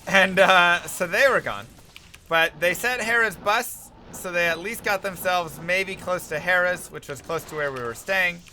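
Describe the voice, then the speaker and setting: A man's voice: high-pitched, unhurried, pushed and bright, slight background noise. A man telling a rambling, self-mocking story in casual chat while streaming a game.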